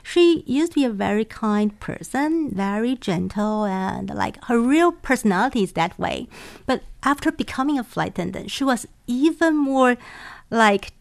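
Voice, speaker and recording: Creaky-voiced woman telling animated stories. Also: a little high, moderate pace. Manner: animated storytelling, acts out quoted voices, laughs often. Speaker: sociology professor and former flight attendant. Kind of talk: interview answers.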